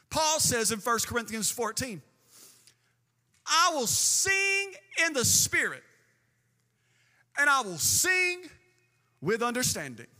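High, bright-voiced preaching pastor. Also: male voice, very animated. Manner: preaching with rising emphatic bursts and slow drawn-out phrases. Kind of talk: sermon. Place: church sanctuary with a band. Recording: long hall reverb with faint band music.

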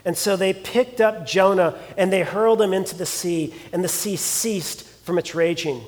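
A man preaching a sermon, telling a scripture story with expressive emphasis. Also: high-pitched, moderate pace, long reverb tail. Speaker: pastor.

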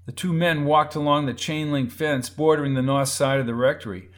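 A man's voice: a little high, steady tone, a little fast. A man reading a crime novel aloud as narrator, shifting his delivery for each character's lines. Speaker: audiobook narrator. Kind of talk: scripted narration with character voices.

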